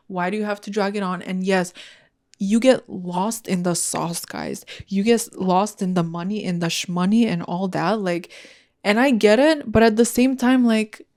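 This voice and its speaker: On her own podcast, a young woman goes on a heated, profane and blunt casual rant. She speaks at a medium pitch with a slightly mellow quality.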